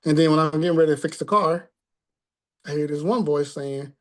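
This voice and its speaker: Man teaching a spiritual class, higher voice. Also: fairly quick, fairly bright tone. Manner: conversational, checks in with "okay?".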